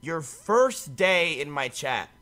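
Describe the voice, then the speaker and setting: A man streaming casually, talking to his chat in an animated way and swearing freely. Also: fairly high pitch, takes it slowly. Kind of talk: casual livestream commentary.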